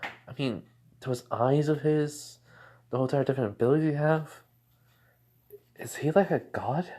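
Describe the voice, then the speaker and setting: A man's voice: fairly high pitch, moderate pace, darkish tone, voice pushed up, natural voice. A young man voicing a flustered teenage girl devil who scolds herself in a rambling inner monologue.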